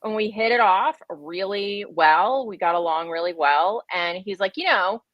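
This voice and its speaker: A woman's voice: lowish voice, moderate pace, no echo, dull audio. A woman guest on a livestream interview, chatting casually and laughing often. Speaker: guest, keto author and podcaster.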